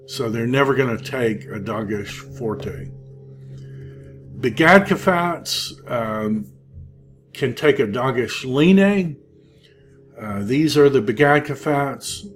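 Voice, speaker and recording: A man teaching a Hebrew grammar class, talking slowly with many pauses and fillers. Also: mid-range voice, soft background music. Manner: slow, halting, many fillers. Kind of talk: classroom lecture.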